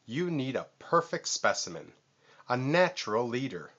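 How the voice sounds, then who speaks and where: A man's voice: mid-range voice, very animated, moderate pace, fairly bright tone, lo-fi sound, pitched above the performer's own voice. A man voicing a vain, pushy male vulture in a storybook read-aloud, boastful and screechy.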